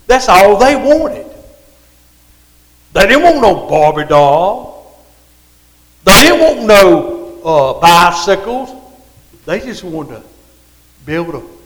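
A man's voice: high voice, a bit bright. A man preaching a rambling sermon, his voice swelling and dropping as he repeats himself. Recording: reverberant hall.

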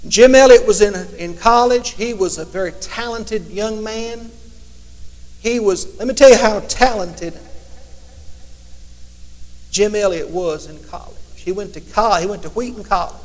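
A man's voice: sits high, measured pace. A man preaching a sermon in a conversational way, now and then acting out imagined prayers to God. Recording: long hall reverb.

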